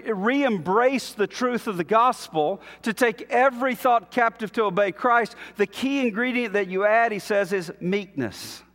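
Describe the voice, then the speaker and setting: Male pastor, high voice, slow emphatic sermon delivery, reverberant church hall. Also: a bit bright. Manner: measured, emphatic preaching with long pauses.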